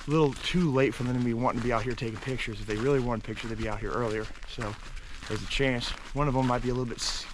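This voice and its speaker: A man vlogging casually outdoors near railroad tracks, rambling with many fillers and sometimes dropping to a hush. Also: mid-range voice, fairly even intonation, quick pace, background noise. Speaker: urban explorer vlogger. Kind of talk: casual vlog narration.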